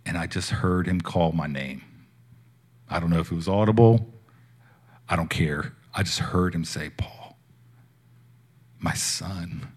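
A young man preaching, telling a personal faith story in a casual, heartfelt way that swings between hushed and loud. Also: lowish voice. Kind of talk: sermon testimony.

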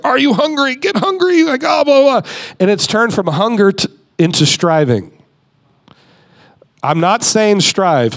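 A man with a high voice preaches in a casual, conversational way. He leans into points with emphasis and slips into quick mock voices to act out the people he mentions. He sounds like a guest speaker in his thirties. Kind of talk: sermon.

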